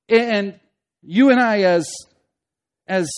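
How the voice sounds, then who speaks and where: A man preaching an expository sermon, swinging from loud emphatic peaks to hushed low asides, using rhetorical questions and repeated phrases for emphasis. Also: a little slow.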